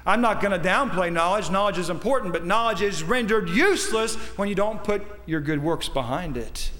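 A high-pitched male pastor preaches to a congregation, moving from calm, measured scripture readings to fervent, climbing peaks of emphasis. His voice rings out with a long, trailing reverb, as if recorded in a large church sanctuary. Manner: builds from quiet scripture reading to emphatic, rising climaxes. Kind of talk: sermon.

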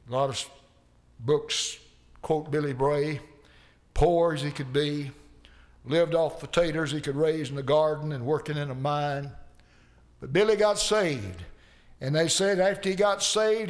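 Gravelly-voiced folksy male preacher. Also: on the high side. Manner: folksy, repeats lines for emphasis. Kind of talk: sermon.

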